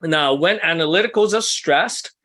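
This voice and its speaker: A man's voice: on the high side, moderate pace, bright, forceful tone. A man leading a small-group workshop in casual teaching talk, asking the group questions and making self-deprecating asides. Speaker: workshop leader for ministry couples.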